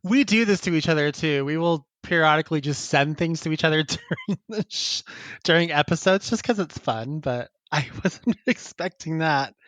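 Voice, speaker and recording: A man's voice: a little high, animated, moderate pace, a bit bright, no room sound. A man co-hosting a podcast, chatting casually and reading listener emails aloud, laughing often. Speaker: podcast co-host.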